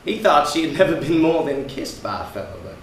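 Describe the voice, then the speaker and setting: A man's voice: a little high, very animated, a little fast, slight background noise. A man playing a sneering bully husband. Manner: sneering, taunting, forceful. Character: brash working-class husband, mocking, bullying. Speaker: stage actor. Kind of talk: amateur stage play performance. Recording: echoey room, distant mic.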